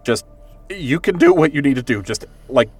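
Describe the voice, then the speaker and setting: Brief: a man playing a distraught young werewolf, deep voice pushed high with strain, pleading, heard from a distance. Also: unhurried, slightly rough, soft background music. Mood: desperate pleading.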